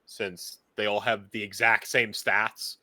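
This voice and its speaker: A man's voice: fairly low pitch, flat delivery, slow pace, sharp tone. A man running a tabletop vampire game as game master, narrating in a rambling way full of fillers and restarts.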